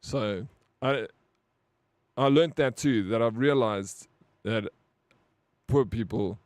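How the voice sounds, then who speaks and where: A South African man talks loosely to his stream chat at an ordinary middle pitch. He is blunt and swears freely, with lots of "bro." The sound is dry and close, with no room echo. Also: slow pace, a little mellow. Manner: blunt, profane, rambling with frequent "bro". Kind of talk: casual live-stream chat.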